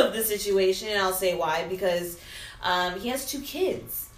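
A woman hosting a casual chat, lively and quick to laugh as she asks questions. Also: mid-range voice. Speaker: podcast host. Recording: echoey room with faint noise.

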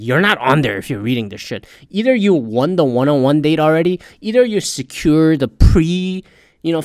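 A man's voice: on the high side, dry recording, studio quality. A man hosting a podcast, ranting in a loose, profane, rambling way about a reality dating show and often getting heated. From Korean American. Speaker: podcast host. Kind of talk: casual ranting commentary.

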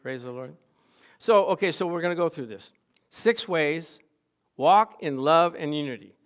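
High-voiced man preaching with humor. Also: normal speed, clear, resonant tone. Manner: humorous, storytelling, self-deprecating. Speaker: pastor. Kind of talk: sermon.

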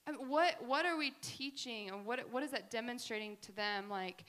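A woman giving a faith talk, telling family stories in an animated, chatty way with many fillers. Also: on the high side, fairly quick, hardly any pauses. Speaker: speaker at a faith gathering.

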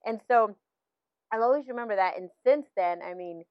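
A woman's voice: medium pitch, normal speed, no echo. Middle-aged woman telling a faith story. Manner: animated storytelling, many fillers and restarts. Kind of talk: personal faith testimony in casual talk. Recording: dull, slightly lo-fi, dry sound.

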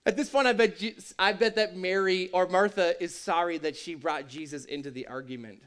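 A man's voice: high voice, brisk, a bit bright. A man preaching a sermon in a conversational, joking and emphatic way. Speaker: pastor.

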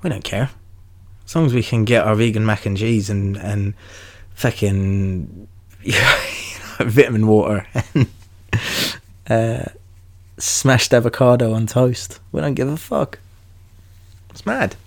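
A young London podcast host with a London accent talks casually and at length in a solo episode, rambling, restarting often, and swearing freely. His voice is fairly low, measured, with frequent pauses.

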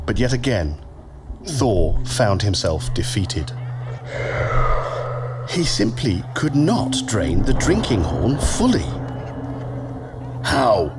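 A man narrating a story in a slow, expressive storytelling manner. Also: mid-range voice, noisy background.

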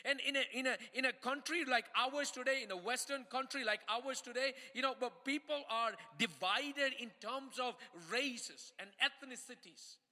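A man's voice: extremely high pitch, normal speed, few pauses, pushed and bright. A man from India preaching a sermon as pastor of his church, often repeating words and restarting, then pressing home emphatic calls to his listeners. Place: church hall. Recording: hall reverb.

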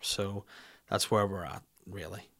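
A middle-aged man, hosting a podcast and telling comic stories in an animated, sweary way. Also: low-pitched, a little slow, gravelly. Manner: animated, acts out the people in his stories, swears. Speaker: podcast host. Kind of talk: comic storytelling rant. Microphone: studio mic.

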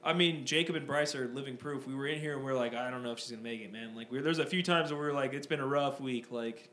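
Young male podcast co-host, quick and rambling, profane, roomy echo. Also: medium pitch, fairly bright tone. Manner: rambling, swears freely, many fillers. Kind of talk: casual chat. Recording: echoey room with faint ambient noise.

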